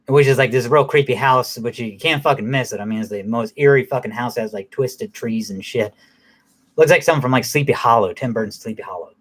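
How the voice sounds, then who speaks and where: A man giving a casual spoken movie review, rambling and swearing heavily, with lots of restarts. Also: mid-range voice.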